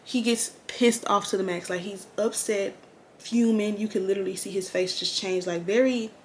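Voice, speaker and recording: A young woman chatting slangily through a get-ready-with-me storytime, animated and candid. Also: mid-range voice, normal speed, a little hiss or hum. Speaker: vlogger.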